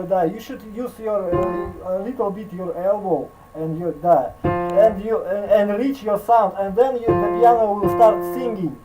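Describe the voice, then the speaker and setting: High-voiced Russian-accented piano teacher. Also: male voice, low-quality recording. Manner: halting English with Russian fillers, scats melodies. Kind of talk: online piano lesson.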